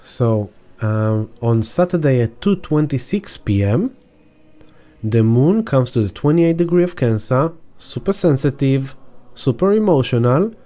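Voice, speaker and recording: A man giving a casual weekly astrology talk in a reflective, halting way, with fillers and restarts. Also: medium pitch, lively intonation, dark tone. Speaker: astrologer and sound healer.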